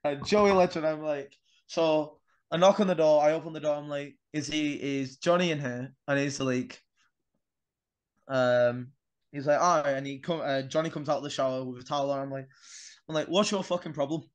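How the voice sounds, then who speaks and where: A man's voice: a little high, normal speed, clear, resonant tone. Young man telling a sweary story. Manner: animated, swears freely, acts out dialogue. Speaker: wrestler guest. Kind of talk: casual podcast storytelling.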